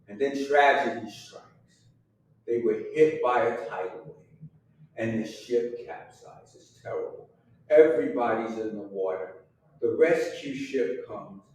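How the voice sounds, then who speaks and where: A man's voice: mid-range voice, a little mellow. A man in his sixties hosting a show and doing stand-up, self-mocking and chatty as he drifts between asides in a small room. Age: 60s. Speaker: host and stand-up comedian. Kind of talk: live stand-up comedy. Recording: echoey room, mic far off, faint noise.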